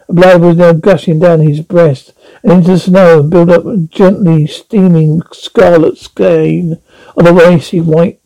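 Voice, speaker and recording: Gravelly man reading a storybook. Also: a little high, dark tone, low-quality recording. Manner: halting with frequent slips and restarts. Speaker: audiobook reader. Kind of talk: storybook narration.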